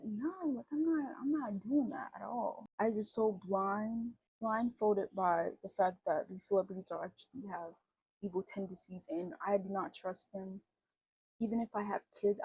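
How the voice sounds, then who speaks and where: A woman's voice: mid-range voice, fairly even intonation, normal speed, darkish tone, slightly rough, no echo, poor audio. A young woman YouTuber talking in a rambling, conversational way to her channel. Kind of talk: casual vlog talk.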